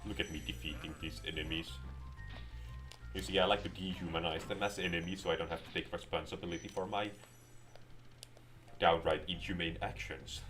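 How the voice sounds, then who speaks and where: A man's voice: low-pitched, fairly even intonation, fairly quick, pauses often, fairly bright tone, soft background music. A man giving casual, sarcastic commentary as he plays a game. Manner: sarcastic, joking. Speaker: game streamer.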